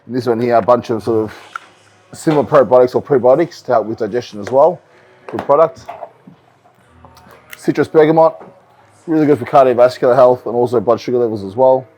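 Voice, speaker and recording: Male bodybuilding coach, casual vlog delivery, relaxed and explanatory, average pitch. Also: a little fast, long pauses, soft background music. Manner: relaxed, explanatory, with frequent ums and repeats. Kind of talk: casual vlog talk to camera.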